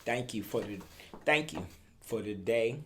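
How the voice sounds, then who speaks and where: A man being interviewed, speaking a heartfelt letter to his late father in a slow, earnest, reflective way. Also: mid-range voice, fairly bright tone, slight background noise. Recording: music playing under the voice.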